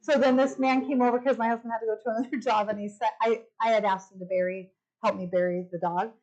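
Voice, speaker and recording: At a church women's retreat, a fast-talking middle-aged woman gives her personal testimony, and the recording's high frequencies are cut off. Her delivery is animated, with big pitch swings as she acts out the lines she quotes.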